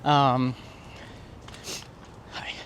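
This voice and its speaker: A man vlogging while walking outdoors, retelling a story in a chatty, animated way with laughs. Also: very slow. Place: outdoors on a city street. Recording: faint traffic and street noise.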